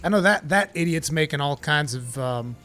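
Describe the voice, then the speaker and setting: A man's voice: a little high, expressive, moderate pace, sharp tone, soft background music. A man streaming a game, chatting casually and rambling with plenty of swearing. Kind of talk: casual live-stream chat.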